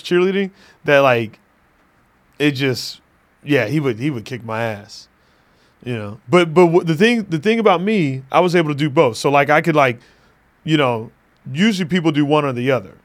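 A man's voice: a little high, lively intonation, normal speed. A man hosting a podcast in loose, joking chat, laughing often and swearing freely. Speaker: podcast host.

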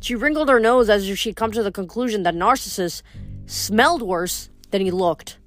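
A woman reading a novel aloud in a steady, expressive voice. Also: mid-range voice, normal speed, faint music behind. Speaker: audiobook reader.

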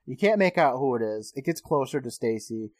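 A man co-hosting a comedy podcast, retelling a TV episode in an animated way with casual swearing. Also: medium pitch, fairly quick, dry recording. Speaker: podcast co-host.

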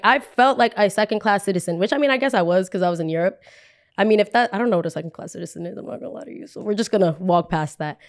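A young woman hosting a podcast, telling a story in a casual, animated, chatty way. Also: mid-range voice. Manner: animated, chatty, heavy use of "like". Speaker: podcast host.

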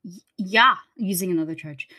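A woman playing in a tabletop game in casual chat, excitable and quick to swear. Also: fairly low pitch, dry recording. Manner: excitable, swears, bursts into squeals. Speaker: player.

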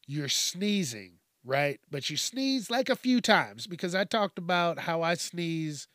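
A man's voice: a little high, lively intonation, unhurried, fairly bright tone, no echo, studio quality. A man hosting a podcast, delivering a profane comedic rant and laughing at his own jokes. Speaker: podcast host.

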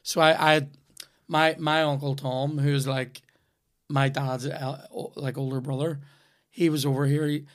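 A man's voice: medium pitch, level tone, normal speed. A young man with a Northern Irish accent, hosting a podcast and telling rambling, sweary stories with plenty of laughter in a casual chat. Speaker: podcast host and comedian.

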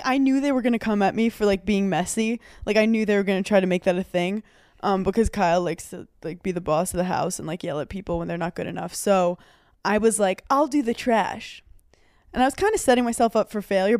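A woman's voice: mid-range voice, darkish tone, no echo, clean studio sound. A young woman chatting as a podcast guest, telling stories animatedly and laughing often. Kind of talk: casual chat.

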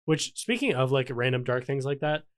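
A man's voice: mid-range voice, animated, moderate pace. A young man co-hosting a podcast, telling anecdotes casually with dry humor. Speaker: podcast co-host. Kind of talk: casual chat.

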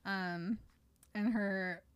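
A woman's voice: medium pitch, fairly even intonation, drawn-out words, smooth, lo-fi sound. A woman casually recapping a book chapter, chatty and giggly as she tells it.

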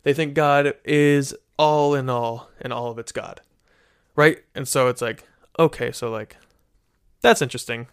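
A man of ordinary pitch talks through a Christian teaching in a casual, conversational manner. He often restarts his sentences and checks in with listeners as he goes. He speaks into a desk microphone in a room with a bookshelf. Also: steady tone, a little slow, clean tone. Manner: conversational, many "right?" tags and restarts. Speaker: Christian teacher, podcast host. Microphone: studio microphone.

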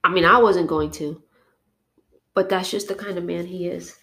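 Woman guest on a faith podcast, a bit of vocal fry, acts out every phone call, sniffly. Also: on the low side, moderate pace. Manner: animated storytelling, acting out phone calls. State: sniffling from allergies. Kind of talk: emotional personal testimony.

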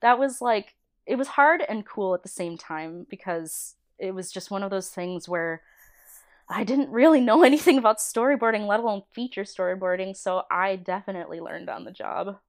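With a mid-range voice at normal speed, a woman in her thirties who works as a storyboard artist chats casually as an interview guest. She's an animated storyteller who laughs a lot and acts out quoted voices.

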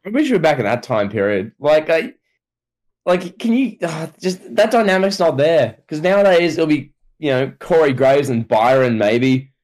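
A man's voice: on the high side, expressive, normal speed, darkish tone. A man co-hosting a podcast in casual chat, rambling with restarts and fillers. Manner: rambling, repeats words, fillers. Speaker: podcast co-host.

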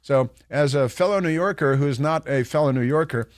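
A man's voice: fairly high pitch, moderate pace, dry recording. Talk radio host, male, sarcastic and mocking, rambling delivery, dry close sound. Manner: sarcastic, mocking, puts on voices to ridicule; rambling with many fillers and restarts. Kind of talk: political talk radio monologue.

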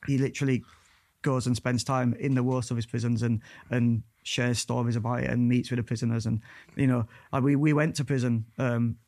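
A man, talking in a calm, coaxing way and guiding a mind-reading trick on a podcast. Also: fairly quick. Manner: calm, coaxing, drops to a soft low voice while guiding the trick. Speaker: mentalist guest. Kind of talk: casual chat.

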